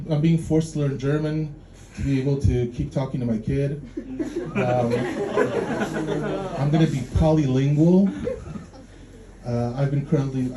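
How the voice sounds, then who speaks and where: A man doing a stand-up comedy set, rambling and self-mocking, with stammering restarts. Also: on the high side. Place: comedy club stage before a live audience. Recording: echoey club room with faint noise.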